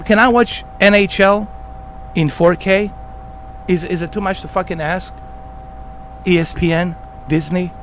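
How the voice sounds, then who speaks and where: A heated man rants at the camera, swearing constantly and hammering his points over and over. His voice sits high and swings widely in pitch. A faint noise hums under the recording. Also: fairly bright tone. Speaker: gaming channel host. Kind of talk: profane rant to camera.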